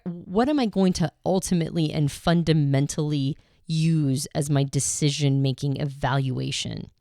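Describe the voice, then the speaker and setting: Measured, analytical woman podcast host. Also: low-pitched, no echo, clean studio sound. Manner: measured and analytical, mostly even with some inflection. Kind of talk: explanatory podcast talk.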